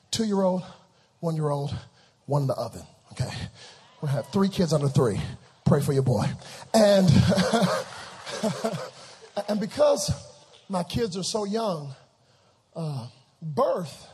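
A man in his thirties preaching a live sermon in a church, dramatic call-and-response delivery that swings from hushed to shouting. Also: on the high side, husky. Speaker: pastor.

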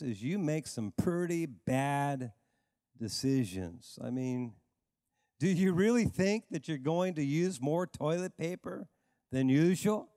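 High-voiced emphatic male preacher. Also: a little mellow, dry recording, studio quality, in a large hall. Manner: emphatic preaching with repeated phrases and sudden drops to a low voice. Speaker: pastor. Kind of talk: sermon.

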